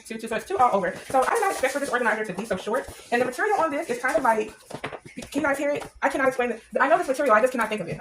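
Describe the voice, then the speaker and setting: Excited chatty woman unboxing, quick talker. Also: on the high side, a little hiss or hum, low-quality recording. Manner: chatty, excited, many fillers, says "y'all". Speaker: vlogger. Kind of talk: casual unboxing vlog.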